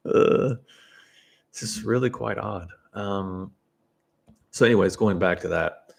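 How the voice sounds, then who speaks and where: Deep gravelly man giving blunt opinions. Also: unhurried. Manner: blunt, opinionated, rambling with restarts and chuckles. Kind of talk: casual opinion monologue to camera.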